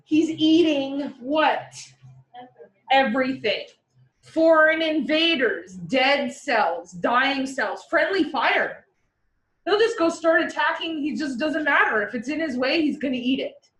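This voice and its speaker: High-voiced woman lecturing in an echoey classroom. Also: lively intonation, unhurried, a bit bright, distant mic. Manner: playful, uses military metaphors and mock voices. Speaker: teacher. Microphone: far from the mic. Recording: echoey classroom recorded from afar.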